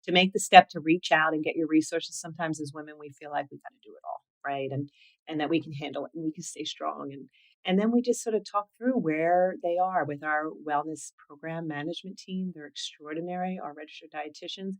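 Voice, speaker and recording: A woman's voice: low-pitched, brisk, low-quality recording. Earnest woman founder telling her story. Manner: earnest, animated storytelling with many "you know"s. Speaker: nonprofit founder and CEO. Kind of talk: conversational interview.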